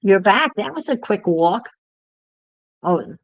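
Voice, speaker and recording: A woman's voice: mid-range voice, sing-song, slow, no room sound, muffled recording. A woman chatting casually to livestream viewers while she crafts, musing aloud as she works.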